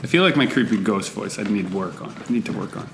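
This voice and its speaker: A man's voice: lowish voice, expressive, quick pace. A man as a podcast guest in casual chat, musing aloud and asking probing questions. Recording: echoey room with faint hiss.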